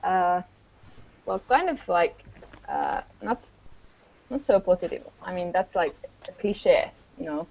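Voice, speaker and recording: A woman speaks tentatively on a video call and often breaks off to restart her sentences. Her voice carries a gravelly fry, and the call audio sounds dull. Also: on the low side, animated, darkish tone. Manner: hesitant, halting, many restarts. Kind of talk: casual online group discussion.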